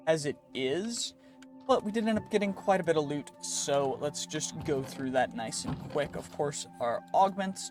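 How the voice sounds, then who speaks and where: A man giving chatty, excitable let's-play commentary, talking to himself as he plays. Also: on the high side. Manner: chatty, excitable, talks to himself while playing. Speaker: gaming YouTuber. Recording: clear game music behind the voice. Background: video game music.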